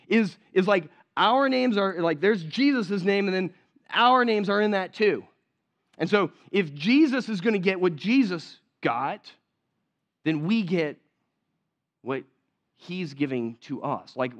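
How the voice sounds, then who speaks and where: A man preaching a sermon in a conversational way, often checking in with his congregation. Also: sits high. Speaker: pastor. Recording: slightly dull, lo-fi sound.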